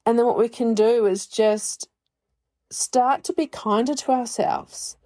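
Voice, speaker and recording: In a dry recording, this woman's voice is on the high side, dark in tone and a little slow. She's in her forties, hosting her podcast with a blunt, candid monologue about her life, full of cursing and frequent laughter.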